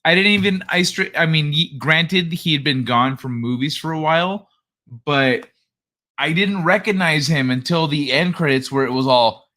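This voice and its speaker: A young man hosts a late-night live stream, chatting casually in a rambling, profane, laid-back way. His voice is a little high, pushed and bright, at a normal speed, and he adjusts his desk microphone as he goes.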